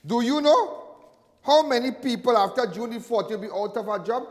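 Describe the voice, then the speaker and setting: A Trinidadian man hosting a live crime call-in show, his voice pitched high and full of emphatic repetition. He sounds middle-aged. The sound carries a long, lingering reverb. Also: normal speed. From Trinidad and Tobago. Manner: animated, emphatic, repeats phrases for effect.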